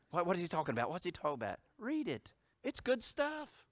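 A man preaching a sermon as pastor, moving from loud emphatic declarations to hushed storytelling. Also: high voice, wildly swooping pitch, fairly quick, few pauses, dry recording.

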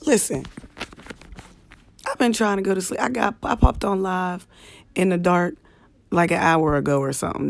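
Woman, very low slightly manly voice, comedian host, rambling profane late-night rant, lying in bed, phone mic. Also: steady tone, normal speed, creaky, pauses often. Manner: profane, ranting, chatty. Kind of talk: casual late-night live chat. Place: bedroom in apartment at night, lying in the dark.

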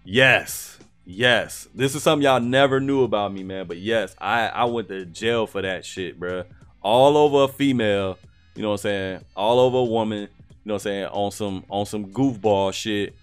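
A young man casually telling a personal story, slangy and animated, with lots of fillers. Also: on the low side, normal speed, clean tone, soft background music.

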